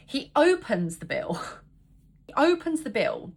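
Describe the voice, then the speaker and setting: A woman's voice: high-pitched, slow, slightly rough. Exasperated woman ranting a storytime. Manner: exasperated, swears a lot, animated. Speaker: vlogger. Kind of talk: casual storytime vlog.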